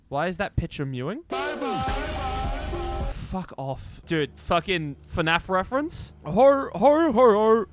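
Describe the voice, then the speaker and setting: A young man doing casual let's-play commentary as a gaming streamer, joking, swearing and reacting loudly to what happens on screen. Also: on the high side. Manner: excitable, swearing, jokey.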